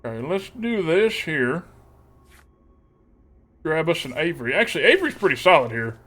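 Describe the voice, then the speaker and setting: A man's voice: fairly high pitch, very animated, moderate pace, fairly bright tone. A man streaming a card game, talking in a put-on folksy country twang and cracking self-deprecating jokes. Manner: joking, self-deprecating asides.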